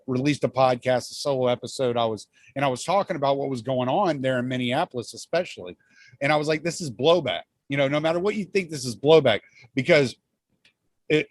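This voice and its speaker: A man's voice: fairly high pitch, no echo. A man hosting a podcast, talking in a rambling, easygoing way with frequent laughs. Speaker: podcast host. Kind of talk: casual podcast chat.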